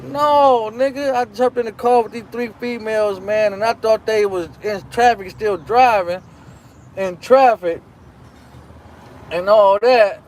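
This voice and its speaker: A man's voice: high-pitched, fairly even intonation, a little slow, slight background noise. A man hosting his own show, telling a rambling, profane personal story in a casual, repetitive way. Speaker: show host.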